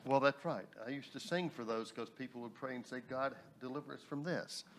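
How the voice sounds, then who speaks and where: A man shares a personal story in a relaxed panel discussion. His voice sits at an ordinary middle pitch, and he slips humorous asides into his telling. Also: fairly quick. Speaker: New Thought minister and instructor. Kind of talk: casual panel talk.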